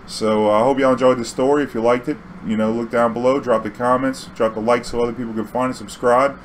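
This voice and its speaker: A man's voice: mid-range voice, steady tone, fast talker, a little hiss or hum, rough recording. Laid-back profane New man. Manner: loose, profane, filler-heavy with many "you know"s. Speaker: vlogger. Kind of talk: casual storytime monologue.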